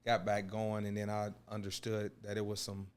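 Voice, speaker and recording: A man's voice: fairly low pitch, monotone, moderate pace, clean tone. A man from Detroit, a basketball coach and author, telling his life story in an earnest, casual way and often saying "you know.". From Detroit, USA. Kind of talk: casual interview talk.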